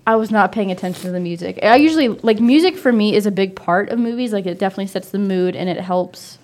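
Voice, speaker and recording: A woman's voice: medium pitch, quick pace, a little mellow. A woman co-hosting a casual movie review podcast, blunt and dry, with many filler likes. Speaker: podcast co-host. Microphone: podcast microphone with headphones.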